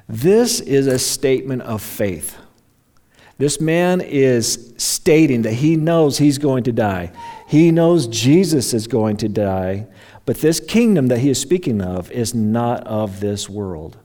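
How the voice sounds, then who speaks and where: A man's voice: medium pitch, lively intonation, takes it slowly, dark tone. A man preaching a sermon, telling the story dramatically and briefly voicing the mocking crowd and the criminals. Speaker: pastor.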